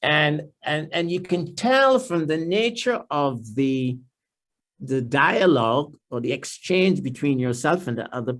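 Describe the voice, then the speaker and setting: Trinidadian man giving a church talk. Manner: repeats words and restarts, acts out inner thoughts in a lower softer voice. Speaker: guest speaker at a church family life series. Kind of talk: seminar-style talk in church.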